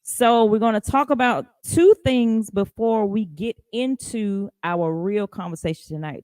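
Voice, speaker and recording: Woman chatting on her live podcast, shouts out viewers, dry voice, no room sound. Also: mid-range voice, a little slow, hardly any pauses, no room sound. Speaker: podcast host. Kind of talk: casual live podcast chat.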